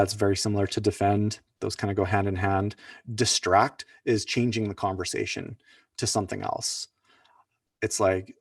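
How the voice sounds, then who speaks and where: Low-voiced man teaching casually, off-mic. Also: fairly even intonation, brisk, no echo, studio quality, far from the mic. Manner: loose and conversational, many "like" fillers and restarts. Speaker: workshop presenter. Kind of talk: casual online teaching talk.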